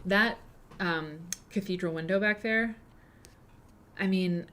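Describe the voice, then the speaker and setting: A woman's voice: medium pitch, slow pace, long pauses, a bit bright. A woman, hosting a live quilting show, chatting and reading aloud with many fillers and restarts. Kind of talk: casual live-stream chat and reading aloud.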